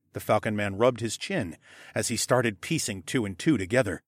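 Husky male audiobook narrator. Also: on the low side, moderate pace, dry recording, clean studio sound. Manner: first-person storytelling, lively.

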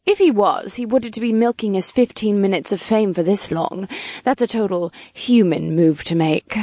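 A man doing a sassy high succubus woman. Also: moderate pace, mellow, no room sound, clean studio sound. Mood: dismissive. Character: sassy young female succubus.

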